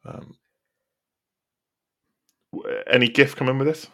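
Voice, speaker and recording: A young man co-hosting a casual podcast, chatty and quick to laugh at his own ideas. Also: mid-range voice, fairly even intonation, sharp tone. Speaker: podcast co-host. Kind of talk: casual chat.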